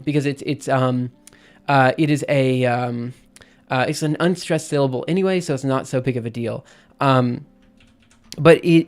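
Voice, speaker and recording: A man's voice: medium pitch, darkish tone. A man on a live stream explaining poetic meter in a casual way, thinking aloud with many fillers and restarts. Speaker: streamer teaching poetry meter.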